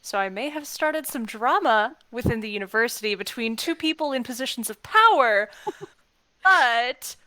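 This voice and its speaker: A woman's voice: a little high, animated, normal speed, bright, forceful tone, no echo. A woman playing a tabletop game, chatty and describing her character's actions. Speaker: player. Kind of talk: casual tabletop role-play.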